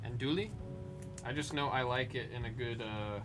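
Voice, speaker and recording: A man with an average-pitched voice hosts a live card break stream, chatting loosely and calling out the names of cards as he opens packs. He drifts between side stories and card reads in a relaxed, rambling way. Music plays clearly under his voice throughout. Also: normal speed. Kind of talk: casual live-stream commentary. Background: background music.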